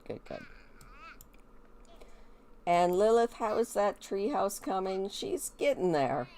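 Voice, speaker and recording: A woman with a stuffy, congested nose gives relaxed gameplay commentary. Her voice sits fairly low, and she speaks slowly, chatting to the characters on screen as she plays. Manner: chatty, talks to game characters. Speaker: gameplay video host.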